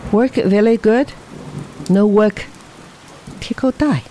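A reader voicing a frail, boyish young man from China who speaks in halting broken English. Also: mid-range voice, dark tone, slight background noise, voice pushed up, close to an everyday voice, rough recording. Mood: earnest. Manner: halting, simple broken phrasing.

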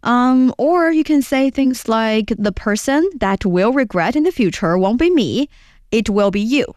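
A woman's voice: a little slow, no room sound, clean studio sound. A woman whose first language is Chinese, patiently explaining Chinese phrases in a casual language lesson. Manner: explains patiently with lively, swooping pitch.

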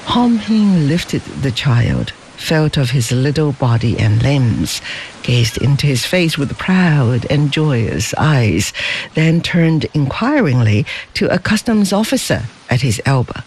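A man narrating a story aloud in a measured, expressive reading. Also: medium pitch, a little hiss or hum, poor audio.

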